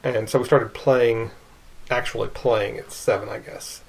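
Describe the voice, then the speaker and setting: Gravelly man recounting a long game night. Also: medium pitch, fairly even intonation, measured pace. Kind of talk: casual recap to camera.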